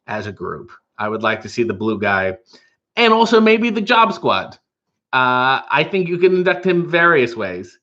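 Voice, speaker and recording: A man hosts a casual comedic stream, reading chat comments and comics aloud and tossing in dry, offhand jokes. His medium-pitched voice has a sharp tone, and the high frequencies are cut off.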